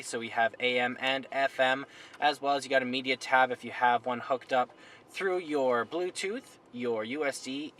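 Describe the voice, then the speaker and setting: A man's voice: a little high, a bit bright. Young man, friendly dealership salesman, casual on-camera walkaround, light outdoor noise. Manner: friendly, upbeat, plain-spoken with small slips. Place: outdoors at a car lot and inside a vehicle.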